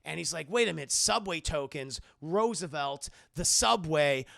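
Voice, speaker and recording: Gravelly, bright-voiced man recapping a film. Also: a little high, expressive, moderate pace, few pauses. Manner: sarcastic, profane, acts out quotes; addresses chat directly. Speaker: streamer film reviewer. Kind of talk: casual spoiler review recap.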